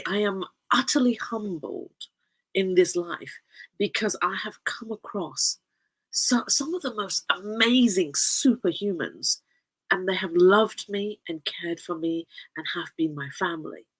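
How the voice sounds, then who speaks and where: A woman chats through a personal story, giggling often between phrases. Her voice is husky and slightly breathy, and her pitch rises and falls a great deal. She is effusive and leans on repetition for emphasis. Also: animated, a little slow, fairly bright tone, rough recording. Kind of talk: casual anecdotal storytelling.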